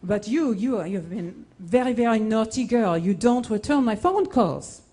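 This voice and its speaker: A woman voicing an excitable male commercials producer who talks emphatically and in a rush. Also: on the high side, moderate pace, slightly rough. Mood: excited.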